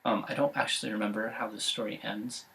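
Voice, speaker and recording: A man's voice: fairly low pitch, fairly even intonation, quick pace, gravelly, sharp tone. A man casually retelling a fairy tale, rambling with lots of fillers.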